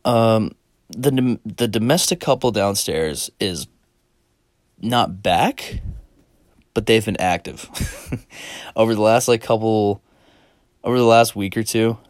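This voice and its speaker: A man's voice: lowish voice, slow pace, long pauses, no echo, studio quality. A young man hosting a podcast who tells a rambling, profane story in a laid-back, casual way. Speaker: podcast host.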